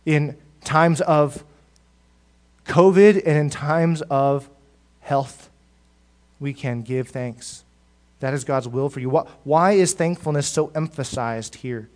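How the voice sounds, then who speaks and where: A male pastor preaches slowly, pausing often, as his sermon climbs to loud, emphatic peaks and falls to soft, low asides. He frequently repeats words along the way.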